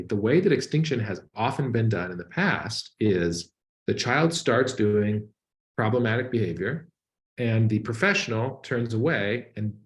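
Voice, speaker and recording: A man, a guest expert, earnestly explaining research in a conversational way over a video call. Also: mid-range voice. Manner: earnest, conversational, uses many "like" and "and so" links. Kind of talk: explanatory talk to an audience over slides. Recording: echoey room.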